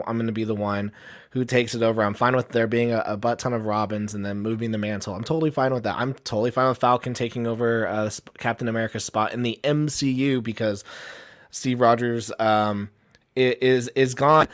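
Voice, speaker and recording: A man in a casual debate, talking in quick bursts with many false starts and restarts, animated as he argues his point. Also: medium pitch. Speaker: guest.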